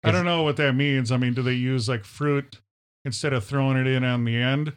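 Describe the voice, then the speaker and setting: A man's voice: mid-range voice, fairly even intonation, a little fast, clear, resonant tone. A man from Minnesota co-hosting a casual chat show, enthusiastic and fond of repeating the word "powerful". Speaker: podcast co-host.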